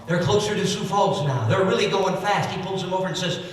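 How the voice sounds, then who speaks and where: Recorded from far off in an echoey hall, a stand-up comedian tells jokes in a folksy, chatty routine. His voice is high and a little fast.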